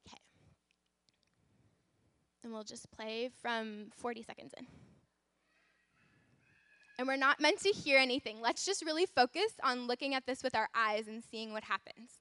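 A woman leading a children's lesson, telling a story in an animated, exclamatory, encouraging way. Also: on the high side, moderate pace, long pauses, smooth, no echo. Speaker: children's teacher.

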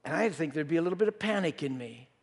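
A man's voice: on the high side, expressive, fast. A man preaching a sermon, telling a story and acting out the disciples' voices. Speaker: pastor. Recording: reverberant hall.

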